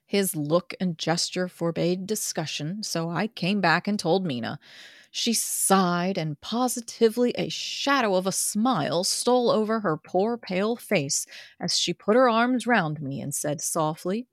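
A woman reading a classic novel aloud in a steady way, sometimes breaking into laughs. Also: fairly low pitch, a little slow, no room sound, clean studio sound.

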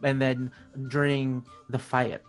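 Halting male game master narrating. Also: mid-range voice, little pitch movement, soft background music. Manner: halting, many restarts and fillers.

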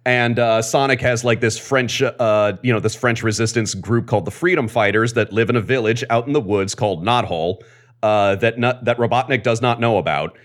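A man's voice: medium pitch, fairly quick. A man appearing as a podcast guest, explaining comics in a rambling, enthusiastic way. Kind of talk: casual podcast chat.

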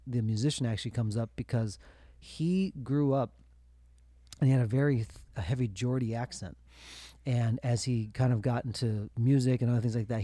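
A man riffs on his podcast in a loose, rambling way, piling up fillers as he thinks. His voice is warm and mellow, and the recording is dry and close. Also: medium pitch, no room sound. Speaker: podcast co-host. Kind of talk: casual podcast chat.

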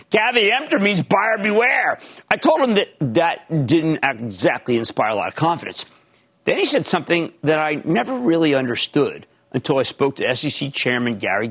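An older man hosting a market call-in show, emphatic and rapid-fire, shouting his catchphrases. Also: on the high side, husky. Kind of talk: loud call-in lightning round and commentary.

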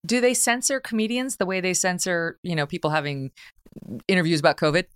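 A woman hosting an interview, chatting casually and asking wry, quick follow-up questions. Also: lowish voice, fairly bright tone, clean tone, no room sound. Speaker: host.

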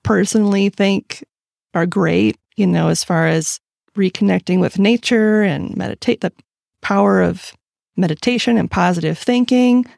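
A woman on a podcast as a guest, speaking casually and frankly. She has a mid-pitched voice with a gravelly, creaky edge, and it sounds dry and close to the mic. She pads her quick bursts of opinion with filler words. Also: darkish tone, dry recording.

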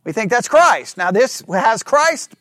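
Guy teaching bible class, pretty high voice, keeps asking "agreed?", dry close sound. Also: big pitch swings, measured pace, no room sound. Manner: checks in with listeners often, asking for agreement; talks through ideas out loud with restarts.

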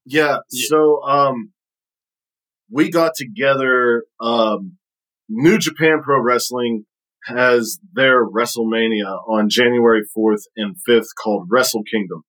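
Casting: man, casual storyteller, rambling with fillers, mid pitch. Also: slow, fairly bright tone, poor audio.

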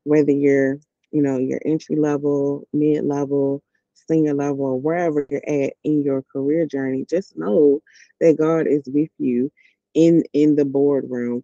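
A man's voice: medium pitch, dark tone, no echo. A man hosting a podcast, reading scripture and giving a devotional reflection in an earnest, encouraging way, repeating key words for emphasis. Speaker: podcast host. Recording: dull lo-fi recording.

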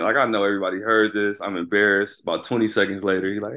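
A man who played college basketball and now coaches high school, telling stories in a casual interview, animated and always checking in with "right?". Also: measured pace. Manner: animated storyteller, keeps asking "right?".

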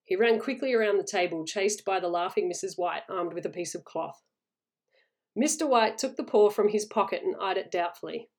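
A woman narrating a story in a steady, even read-aloud manner. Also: mid-range voice, normal speed. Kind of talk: storybook reading.

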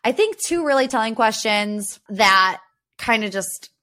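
A woman's voice: a little high, expressive, measured pace, sharp tone. A woman hosting a podcast in casual pop-culture commentary, sarcastic and opinionated, firing off rhetorical questions and peppering her talk with "you know" and "like.". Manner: chatty, frequent "you know" and "like". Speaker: podcast host.

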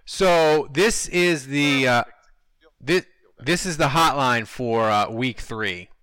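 A man hosting a casual sports podcast, telling stories in a lively, animated way. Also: mid-range voice, slow pace, smooth, dry recording, poor audio. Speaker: podcast host. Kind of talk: casual chat.

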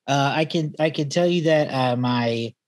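A man in casual conversation, telling a relaxed story about a film. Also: mid-range voice, unhurried, dry recording, clean studio sound. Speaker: podcast co-host. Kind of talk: casual movie review chat.

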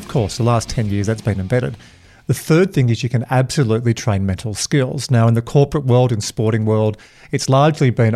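A man hosting a podcast, talking in an energetic, emphatic way and telling animated stories. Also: mid-range voice, brisk, soft background music. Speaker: podcast host. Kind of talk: casual podcast chat.

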